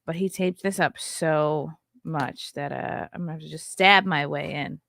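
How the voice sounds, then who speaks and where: A woman's voice: low-pitched, fairly even intonation, moderate pace, creaky, a bit bright, a little hiss or hum. A woman in her thirties hosting a casual livestream, gushing and chatty with lots of fillers. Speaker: livestream host.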